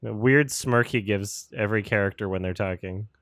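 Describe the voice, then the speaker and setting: A man hosting a casual movie watch-along, cracking drawn-out jokes and laughing at his own gags. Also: on the low side, a bit bright, dry recording, studio quality. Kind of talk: casual movie commentary chat.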